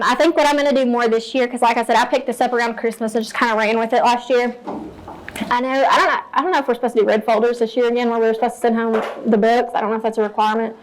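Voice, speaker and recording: In a teacher training talk recorded with poor audio and slight background noise, a woman with a highish voice walks her colleagues through her reading lessons. She explains every step plainly and demonstrates read-alouds.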